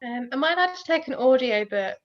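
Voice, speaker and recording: A woman with a slightly high voice joins a book club chat as a guest author. She talks casually and keeps things light and joking. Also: expressive, brisk, muffled recording.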